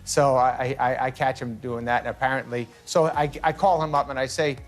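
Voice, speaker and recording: A man, a guest on a talk show, telling comic family stories with lively shouted quotes. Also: moderate pace, few pauses, faint music behind. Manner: animated, jumps into high shouted voices for quotes. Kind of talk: comedic storytelling.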